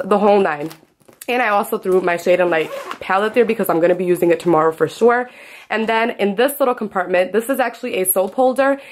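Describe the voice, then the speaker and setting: Chatty young woman showing her kit. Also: mid-range voice. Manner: chatty, upbeat, lots of "literally". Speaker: freelance makeup artist. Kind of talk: casual vlog walkthrough.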